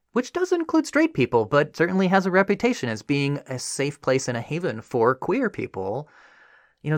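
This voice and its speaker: This is a history podcast host with a medium-pitched voice, heard in a dry, clean studio recording. His scripted narration comes across as animated and conversational, full of "you know" asides.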